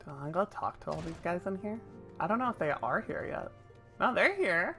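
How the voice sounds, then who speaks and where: An excitable woman streamer makes giggly casual asides while she plays. Her voice is bright and forward, with faint game music underneath. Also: on the low side, fairly quick. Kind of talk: casual let's-play commentary.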